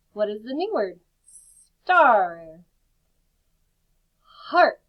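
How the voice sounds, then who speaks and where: A woman teacher giving a phonics lesson to young children from home, sounding out each word slowly and clearly. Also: on the high side, highs cut off.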